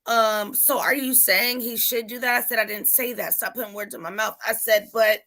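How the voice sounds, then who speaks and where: A mother in casual chat, telling an animated story and acting out her son's voice. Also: a little high, moderate pace.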